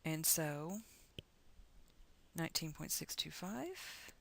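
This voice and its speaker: A woman's voice: sits low, sing-song, slow, gravelly, a bit bright. A middle-aged woman from the United States teaching chemistry in a recorded lecture, chatty and encouraging as she talks through calculations aloud.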